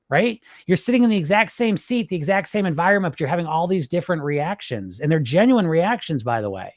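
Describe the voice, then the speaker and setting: A man's voice: on the high side, no room sound, clean studio sound. A man, a hypnotist and weight-loss coach, talking casually and emphatically to viewers, often asking "right?". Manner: conversational, emphatic, frequent "right?" and "folks". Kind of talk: casual direct-to-camera talk.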